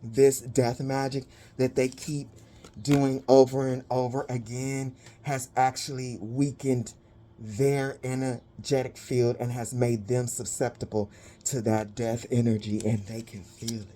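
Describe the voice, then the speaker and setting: Woman spiritual reader, blunt, profane, dramatic delivery, unhurried. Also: rumbling low, flat delivery, dark tone, a little hiss or hum. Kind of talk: spiritual reading monologue.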